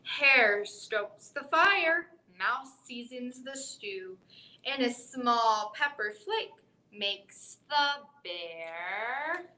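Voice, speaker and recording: Woman librarian reading to kids, bright and sing-song, very slow, echoey library room. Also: on the high side. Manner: expressive, sing-song, encouraging. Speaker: children's librarian. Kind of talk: live children's storytime read-aloud.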